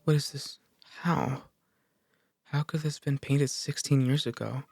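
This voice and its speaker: A man's voice: mid-range voice, steady tone, unhurried, vocal fry, a little hiss or hum. A man voicing a frightened fourteen-year-old noble girl, anxious and scolding herself.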